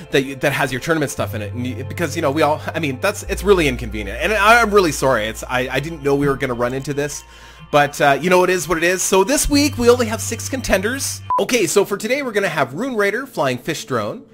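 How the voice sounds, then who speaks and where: An animated man running a game tournament channel, talking casually and a little self-deprecating as he commentates. His voice sits a bit high and swings widely in pitch. Faint game music plays under his voice. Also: quick pace. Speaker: gaming YouTuber hosting a tournament.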